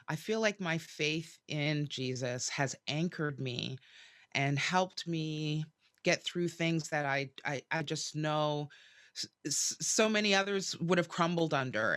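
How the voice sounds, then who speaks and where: A woman guest on a faith talk show, answering in a halting way that often repeats words before they come. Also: deep voice, fairly bright tone. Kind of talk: interview answers.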